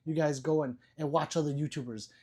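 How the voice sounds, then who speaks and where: A man's voice: a little high, steady tone, brisk, mellow, slightly rough. A man hosting a casual livestream, reading viewers' chat messages aloud, joking, laughing and swearing freely. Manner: loose and profane. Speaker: livestream host.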